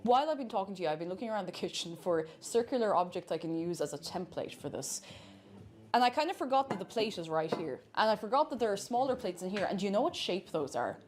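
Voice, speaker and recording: A woman's voice: medium pitch, sing-song, quick pace, a little mellow, faint music behind. A woman streamer chatting casually and playfully while she cooks, rambling from one thought to the next. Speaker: cooking streamer.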